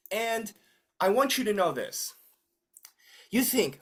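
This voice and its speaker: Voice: medium pitch, slow pace, long pauses, slightly rough. A teacher running an interactive online class, joking and asking the students questions. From United States. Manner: lively, teasing, asks the class questions. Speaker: English teacher.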